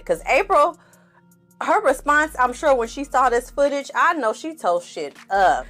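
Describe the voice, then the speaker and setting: A woman's voice: high-pitched, sing-song, unhurried, fairly bright tone, soft background music. A woman hosting a casual reality TV recap, laughing often, swearing freely and calling her viewers "y'all" and "honey.". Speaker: TV recap host.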